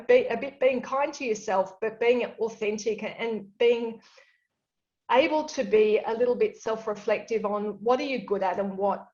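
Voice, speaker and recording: A woman's voice: medium pitch, darkish tone, muffled recording. A woman speaking at an awards evening, giving candid, earnest career advice from a home office over a video call, with many fillers and restarts. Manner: self-described extrovert. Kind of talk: reflective advice talk.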